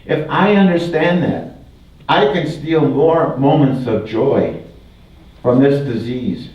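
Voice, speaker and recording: The guest speaker is an older man from Wisconsin with a darkish, mid-range voice who speaks slowly. His folksy public talk blends humor with repeated phrases, picked up from afar in a dull, roomy hall where the audience laughs.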